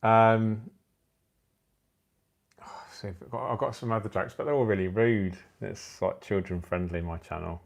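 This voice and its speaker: A man in his forties hosts a relaxed livestream from his phone, his low voice thick with gravel. He sounds tired and keeps cracking jokes and laughing at them while he chats with viewers. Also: unhurried, long pauses. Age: 40s. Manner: jokey, chatty, laughs at his own jokes. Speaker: aquascaping channel host. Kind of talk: casual livestream chat with viewers. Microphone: phone used for the livestream.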